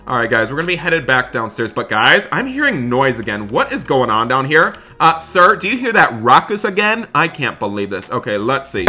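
A man's voice: mid-range voice, big pitch swings, brisk, hardly any pauses, background noise. A man hosting a game roleplay, talking to viewers between polite hotel-staff lines. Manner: talks to viewers, switches to polite hotel-worker voice. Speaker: gaming roleplay host. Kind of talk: roleplay commentary.

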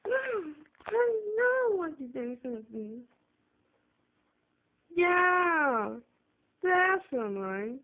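A woman rambling playfully through an improvised skit, switching between characters. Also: sits high. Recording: tinny phone-like audio with loud noise.

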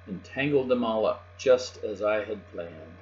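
Man reading a kids' storybook, mid-pitched, soft and even; dull lo-fi recording, faint hum. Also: measured pace. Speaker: storybook reader. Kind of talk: reading a picture book aloud.

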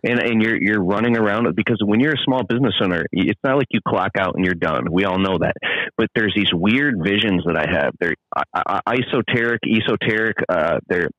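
A man who runs a landscaping business, guesting on a podcast by phone, telling stories in an intense, profane, animated way. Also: lowish voice, fairly quick, no echo. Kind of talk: casual podcast chat. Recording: lo-fi phone line.

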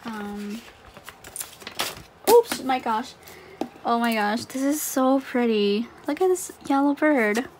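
A woman's voice: a little high, takes it slowly, long pauses, background noise. A woman talking casually while unboxing a haul for her channel, gushing with exclamations and fillers. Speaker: YouTuber unboxing a photocard haul.

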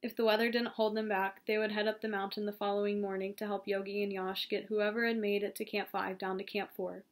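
A woman reads a novel aloud in a calm, steady voice at an ordinary pitch. She sometimes trips over a word and starts the phrase again. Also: brisk, hardly any pauses. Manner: calm, steady reading with small slips and restarts. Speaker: audiobook reader.

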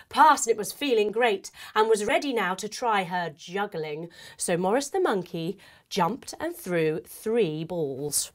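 A young adult woman telling a playful children's story while guiding a yoga class, with expressive delivery and movement cues. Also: medium pitch, a little slow. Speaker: kids yoga teacher and storyteller.

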